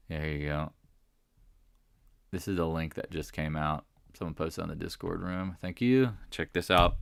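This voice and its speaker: Man, very low voice, casual live stream host, emphatic, repeats himself, dry close sound. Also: takes it slowly, gravelly, long pauses, dry recording. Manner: rambling, emphatic, repeats points. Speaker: stock market livestream host. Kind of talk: casual live market commentary.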